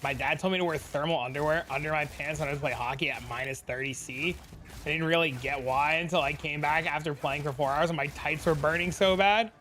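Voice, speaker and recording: A man's voice: on the high side, brisk, pushed and bright, faint music behind. A man streaming a game from a home room with a green screen, talking casually and rambling, swearing freely as he answers chat.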